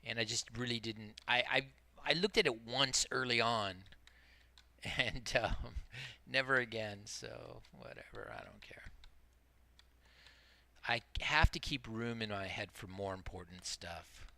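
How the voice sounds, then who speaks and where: A man's voice: medium pitch, expressive, a little slow, gravelly, pushed and bright. A middle-aged man giving casual, rambling gameplay commentary as a streamer, explaining tactics as he plays and poking fun at himself. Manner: rambling, explains tactics while playing, self-deprecating. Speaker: multiboxing game streamer.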